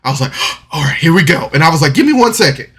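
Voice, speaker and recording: A man's voice: a little high, very animated, fast, a bit bright. A man telling a personal story to camera in a rambling, candid way, with frequent restarts and rueful laughs. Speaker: vlogger.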